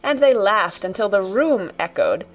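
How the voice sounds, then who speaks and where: A woman narrating a children's audiobook in a gentle, even storytelling manner. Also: mid-range voice, unhurried, soft background music.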